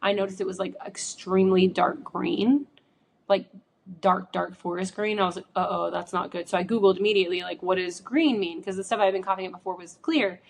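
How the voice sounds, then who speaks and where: A woman's voice: medium pitch, fairly even intonation, a little fast, creaky. Sick woman rambling on her podcast. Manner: chatty, rambling, lots of likes and ums. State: sick with a chesty cough. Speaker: podcast host. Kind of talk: casual solo podcast storytelling. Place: home room. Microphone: studio microphone.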